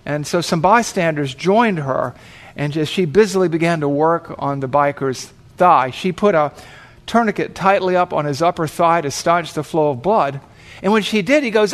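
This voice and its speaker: A man's voice: a little high, animated, normal speed. A man preaching, telling a long story vividly and acting out the voices in it. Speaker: pastor. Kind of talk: sermon storytelling.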